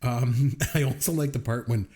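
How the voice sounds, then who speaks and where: Speaking at a normal pace in a mid-range voice, this man co-hosts a podcast and casually reviews a movie. He tells it with animation, performing lines from the scenes and laughing frequently.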